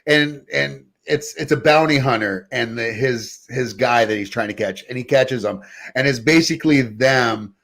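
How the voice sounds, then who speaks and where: A man's voice: mid-range voice, moderate pace, gravelly, a bit bright. A man hosting a casual show, retelling scenes and often laughing as he talks. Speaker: podcast host. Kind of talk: casual review chat.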